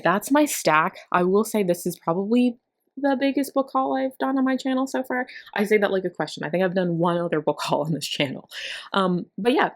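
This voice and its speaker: Low-voiced woman chatting about books. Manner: chatty, gushing, with fillers and little laughs. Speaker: book vlogger. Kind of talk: casual book haul chat.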